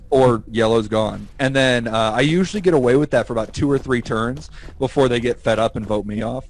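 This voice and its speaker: A man co-hosting a podcast, telling stories in an animated, profane, casual way and laughing as he goes. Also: mid-range voice, moderate pace, poor audio. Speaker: podcast co-host. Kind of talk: casual storytelling chat.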